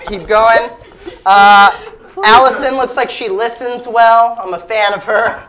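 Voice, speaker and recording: A woman hosting a live comedy panel on a small stage, talking quickly with laughter and deadpan irony. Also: a little high, crowd noise. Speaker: host.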